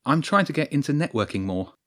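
A man's voice: fairly high pitch, expressive, quick pace, fairly bright tone, voice pushed up. A man doing a curious young boy. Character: boy, curious tech enthusiast.

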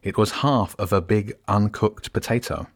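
Deep voiced guy reading a kids adventure book, calm steady pace. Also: normal speed. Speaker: narrator. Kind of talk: storybook narration.

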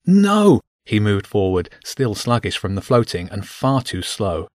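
A man narrates a children's adventure audiobook in an even, measured way. His voice sits on the low side, and the sound is close and dry with no room echo.

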